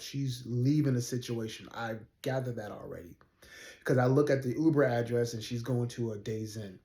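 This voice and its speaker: Earnest man in his forties, roomy sound. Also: medium pitch. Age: 40s. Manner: earnest, rambling, with many fillers and restarts. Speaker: rideshare driver telling a personal story. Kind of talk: casual storytelling to camera. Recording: roomy echo.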